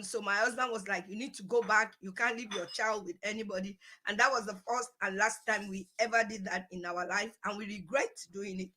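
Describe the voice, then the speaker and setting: A middle-aged woman speaks in a bright, somewhat high voice as a parenting coach. She teaches earnestly in a conversational way, stressing her points by repeating phrases.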